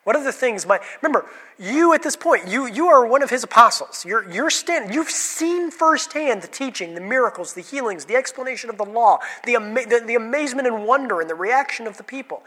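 Man, pastor, interactive sermon, questions the congregation, high bright voice, hall reverb. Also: animated, a little fast. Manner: asks the congregation questions and calls on people by name.

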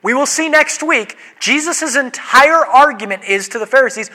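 A man's voice: high-pitched, lively intonation, normal speed, few pauses, sharp tone, big-room sound. A man who is a pastor, preaching a sermon in a conversational, joking way and putting questions to his congregation.

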